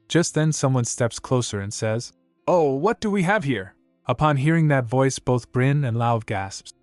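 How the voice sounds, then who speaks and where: A man's voice: mid-range voice, no echo. A man narrating a comic story recap, reading all the characters' lines in his own narrating voice. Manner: reads every character's lines in the same narrating voice. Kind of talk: scripted narration.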